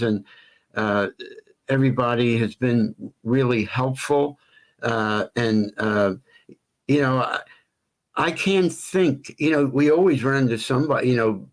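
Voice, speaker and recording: An older man, a longtime stadium announcer, talking in a measured way as a guest on a sports talk show, stretching names into melodic calls. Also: mid-range voice. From Philadelphia area.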